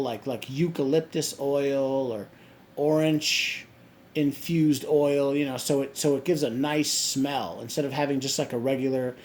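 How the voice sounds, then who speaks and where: Halting man telling a story. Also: mid-range voice, darkish tone, slight background noise. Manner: halting, many restarts and fillers. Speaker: vlogger. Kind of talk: casual storytelling.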